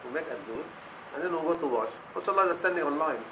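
Fast talker in a study group, kinda far off, noisy room. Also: male voice, fairly high pitch, lively intonation. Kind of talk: casual discussion. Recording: distant mic with noisy room.

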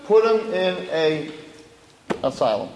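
Animated rabbi telling a story in an echoey hall. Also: male voice, high-pitched, slow pace, slight background noise. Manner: animated, acts out the dialogue of the story. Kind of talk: storytelling talk.

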